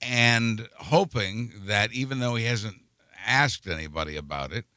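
A man's voice: mid-range voice, measured pace, pushed and bright, dry recording. A man co-hosting a podcast, chiming in with wry, agreeable comments in casual chat on a close studio mic. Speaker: podcast co-host. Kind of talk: casual political comedy chat.

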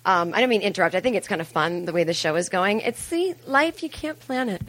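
On stage before a live audience, a comedian and podcast host in her forties rattles through a profane, self-deprecating, chatty routine full of asides. She speaks a little fast in a medium-pitched, expressive voice, and the background is noisy.

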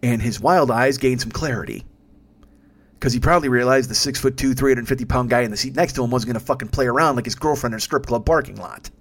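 Rapid-fire, foul-mouthed male storyteller. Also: mid-range voice. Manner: profane, animated, acts out every voice. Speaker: podcast host. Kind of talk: comedic storytelling.

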